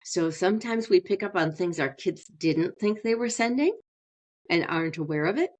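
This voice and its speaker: A middle-aged woman, a family therapist, explaining in an interview and slowing down on purpose to show how tone changes meaning. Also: fairly low pitch, lively intonation, darkish tone. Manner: slows down deliberately, demonstrates tone changes. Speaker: marriage and family therapist guest.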